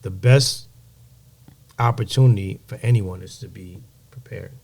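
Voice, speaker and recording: A man as a podcast guest, telling animated stories and giving emphatic motivational advice. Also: fairly low pitch, a little slow, vocal fry, husky. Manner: animated storyteller, acts out quoted voices. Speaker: guest, music executive. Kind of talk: storytelling in a podcast interview.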